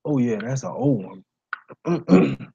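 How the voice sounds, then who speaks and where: A man's voice: mid-range voice, measured pace, warm tone, dull audio. A man teaching singing to his viewers, reading tips aloud and adding casual asides with many fillers, calling the audience guys.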